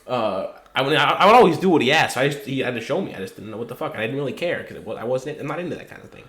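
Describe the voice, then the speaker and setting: Young dude podcasting, cusses constantly, rambly laughing stories, mid voice in an echoey room. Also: male voice, mid-range voice, expressive, very fast, fairly bright tone. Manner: swears a lot, rambling storytelling with laughs. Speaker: podcast co-host. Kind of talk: casual chat. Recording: roomy echo.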